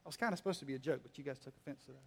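A man preaching a sermon to his congregation, joking and teasing, swinging between quiet asides and loud emphatic lines. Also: medium pitch, racing, gravelly, breathy edge. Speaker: pastor. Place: church hall. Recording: long hall reverb.

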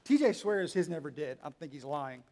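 Male pastor, high voice, dynamic sermon delivery with humor, hall reverb. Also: expressive, normal speed. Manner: dynamic, swinging between quiet asides and loud emphatic lines; humorous, teasing the congregation. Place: church hall.

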